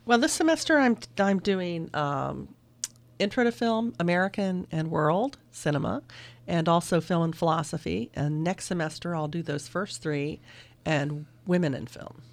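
A middle-aged woman who teaches film, discussing a movie in a relaxed, thoughtful way. Her voice sits a little low, and she laughs easily between points. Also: moderate pace, vocal fry. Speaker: film instructor and guest.

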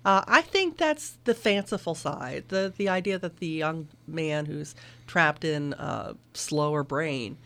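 A woman's voice: low voice, lively intonation, slow pace, a bit bright. Thoughtful woman film teacher. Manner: thoughtful, laughs easily. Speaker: film instructor and guest. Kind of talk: casual film discussion.

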